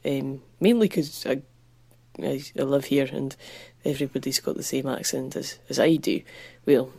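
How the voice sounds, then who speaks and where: A woman's voice: rumbling low, steady tone, normal speed, creaky, a little mellow, slightly rough, no room sound. A woman with a coarse Scottish accent asking a question in a self-deprecating, giggly way. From Scotland. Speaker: listener sending in a question.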